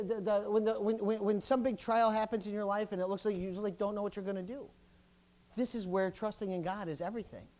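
Man, very high voice, fiery sermon, folksy jokes, hallelujahs. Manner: fiery preaching, builds to shouting, frequent hallelujahs and praise the Lords; folksy, jokey asides. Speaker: pastor.

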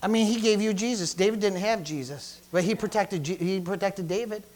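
A man's voice: sits high, brisk, a little mellow. A male pastor preaching a fervent sermon, calling out hallelujahs and repeating lines for emphasis.

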